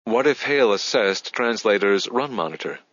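Low-voiced male audiobook narrator. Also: dry recording, muffled recording. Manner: measured, even storytelling. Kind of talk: scripted narration.

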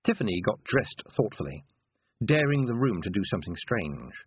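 A husky, breathy male narrator reads a story with a lively, rising and falling voice and well-placed dramatic pauses. He sounds dry and close. The sound is squeezed thin, like a phone line. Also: lowish voice, no room sound. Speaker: audiobook narrator. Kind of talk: scripted narration. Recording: tinny, phone-like narrow sound.

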